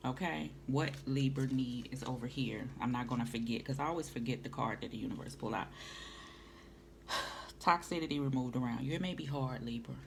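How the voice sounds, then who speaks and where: A woman's voice: rumbling low, fairly quick, creaky. A woman, doing a casual tarot reading and calling the listener honey and baby. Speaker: tarot reader. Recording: noisy home recording.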